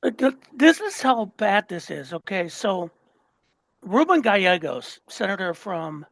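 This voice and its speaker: A man's voice: sits high, big pitch swings, unhurried, gravelly, fairly bright tone, dry recording, rough recording. An older man co-hosting a political podcast, ranting with passion and plenty of profanity. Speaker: podcast co-host. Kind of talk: heated political podcast chat.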